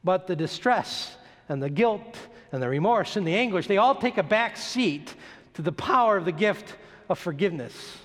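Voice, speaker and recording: A man preaching a sermon, dropping his voice low on slow, emphatic lists and rising sharply as he presses each point. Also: expressive, fairly bright tone. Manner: dramatic rises and drops, slow emphatic lists. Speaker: pastor. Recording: long hall reverb.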